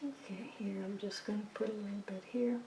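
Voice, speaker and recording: A woman's voice: mid-range voice, steady tone, brisk, echoey room, noisy background. A woman explaining her painting step by step as she works, thinking aloud and often dropping to a near whisper. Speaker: painting instructor. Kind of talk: casual tutorial narration while painting.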